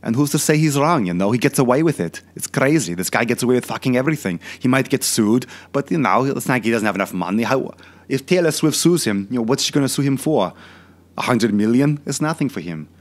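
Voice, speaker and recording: Fast and with lively intonation, a fitness channel host speaks in a natural, medium-pitched voice while playing a boastful, crude older Austrian bodybuilder turned film star. His comedic rant, delivered in a thick put-on Austrian accent, leans on repeated filler questions.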